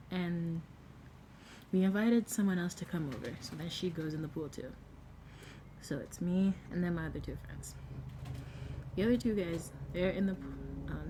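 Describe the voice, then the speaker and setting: Animated young woman telling a storytime. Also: on the low side, a little hiss or hum. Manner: animated, acts out quotes, drops to a whisper at times. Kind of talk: casual storytime.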